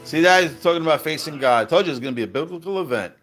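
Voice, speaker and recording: A man giving excited, slangy commentary over cartoon clips, repeating himself and calling out to viewers. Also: fairly high pitch, very fast, soft background music. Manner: hyped, slangy, repeats phrases, calls out "baby" and "fam". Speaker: crypto commentator.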